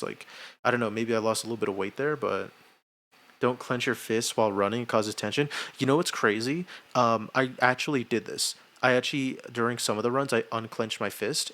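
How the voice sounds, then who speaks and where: A man's voice: medium pitch, a bit bright. A young man streamer chatting casually and self-mockingly in a rambling way, laughing often. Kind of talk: casual livestream chat.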